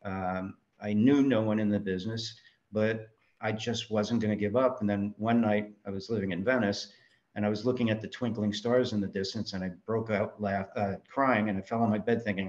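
A man from New York, a filmmaker, telling lively anecdotes in an interview and acting out the voices he quotes. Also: lowish voice, fairly quick. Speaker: guest filmmaker. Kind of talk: storytelling interview answers. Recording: dull lo-fi audio.

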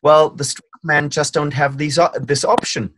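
A man who is not an English speaker, talking in an earnest, animated way, ranting during a casual panel discussion. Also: fairly high pitch, normal speed, background noise. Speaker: panel guest.

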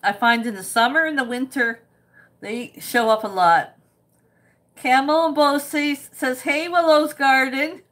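Woman, cooking livestream host; high voice, unhurried, chatty, laughs often while reading comments. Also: a bit bright. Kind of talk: casual livestream chat reading viewer comments.

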